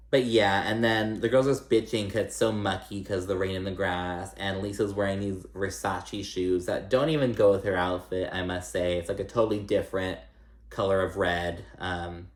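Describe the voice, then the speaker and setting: A man giving a casual, gossipy recap of a reality show, chatty and salty, with lots of "like" and "um". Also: low-pitched. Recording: echoey room.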